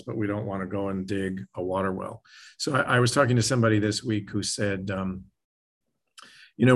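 A man hosting a casual interview, talking in a reflective way and slowing down to stress key words. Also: fairly low pitch. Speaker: podcast host.

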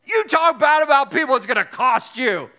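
A man's voice: extremely high pitch, animated, normal speed, pitched above the performer's own voice, heavily acted. A man impersonating an exuberant older man who cackles and whoops as he talks. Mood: gleeful. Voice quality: loud, whooping.

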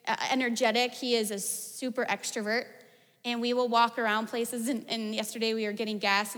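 A woman in her thirties giving a sermon, animated and conversational, telling stories with casual asides. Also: high voice. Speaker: preacher. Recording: long hall reverb.

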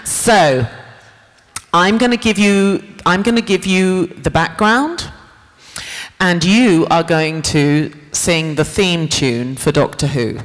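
A playful convention panel host laughs and calls out to the crowd while running audience games on stage with a handheld mic, hosting lively in a large convention hall. Their mid-range voice is slow and fairly bright, heard in an echoey hall with a live crowd and faint noise.

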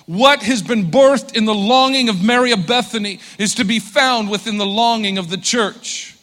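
A man preaching a sermon, moving between hushed, intimate passages and rising, fervent emphasis. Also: high voice, moderate pace. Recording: long hall reverb.

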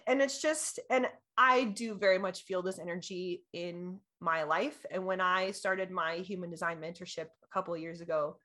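A young adult woman co-hosting a casual chat, bubbly and animated, laughing often and acting out her own past reactions. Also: lowish voice, moderate pace, hardly any pauses.

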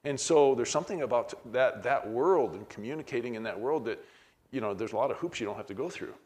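A man's voice: medium pitch, expressive, quick pace, a little mellow. A man, middle-aged, teaching a Bible class in a conversational way, reading verses aloud with frequent restarts.

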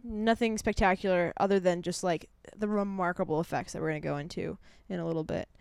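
A woman's voice: lowish voice, steady tone, fast, gravelly, darkish tone, no echo, studio quality. A woman co-hosting a podcast, talking casually about films in an upbeat, chatty way full of fillers. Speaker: podcast co-host. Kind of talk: casual film review chat.

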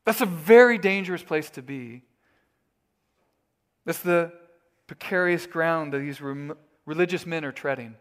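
A man's voice: on the high side, unhurried, long pauses, fairly bright tone. A male pastor preaching a sermon in an earnest, emphatic, storytelling way.

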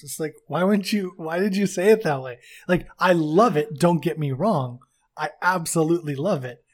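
A man's voice: a little high, moderate pace. A man co-hosting a casual podcast chat, enthusiastic and rambling, laughing at his own points. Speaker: podcast co-host.

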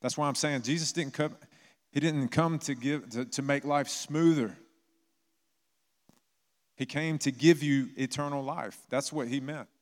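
In a church, with the long reverb of a church hall, a pastor preaches a sermon, telling stories conversationally. His voice is medium-pitched and unhurried, and he pauses often.

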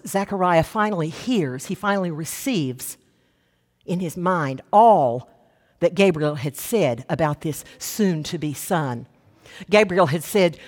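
A woman preaching a sermon, teaching with expressive retellings and asides. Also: lowish voice. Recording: long reverb of a large hall.

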